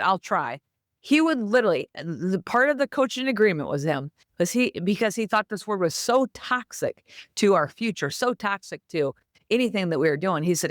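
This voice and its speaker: A woman's voice: fairly low pitch, no room sound, studio quality. Emphatic woman giving a faith pep talk. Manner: emphatic, preachy, acts out quoted phrases. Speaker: podcast host.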